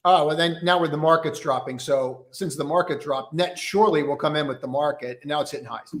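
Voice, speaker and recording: A man's voice: on the high side, fairly quick, a bit bright, reverberant. A man hosting a live stock trading stream, chatting casually with viewers by name and using many fillers as he walks through charts.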